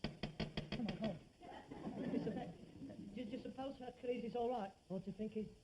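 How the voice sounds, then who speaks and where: A man's voice: very high-pitched, steady tone, moderate pace, mellow, slight background noise, poor audio. An actor playing a frustrated, sardonic middle-aged rag-and-bone man, theatrical and self-pitying in a 1960s sitcom. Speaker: son in a sitcom. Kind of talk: 1960s studio sitcom acting.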